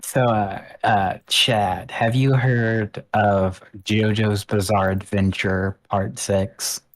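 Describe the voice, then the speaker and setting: A man co-hosting a game stream, joking in a deadpan way with short, dry remarks. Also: fairly low pitch, takes it slowly, low-quality recording. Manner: deadpan, drawls one-word jokes. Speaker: co-host. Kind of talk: casual game stream chat.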